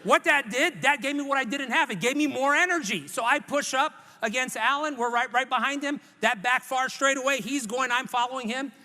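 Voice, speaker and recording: Man from hawaii, commencement speaker, very high voice, bright, animated, self-mocking storytelling, echoey large hall. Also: fairly quick, few pauses. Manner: animated, self-mocking, quotes his own thoughts. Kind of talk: humorous storytelling speech. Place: large church hall with a live audience.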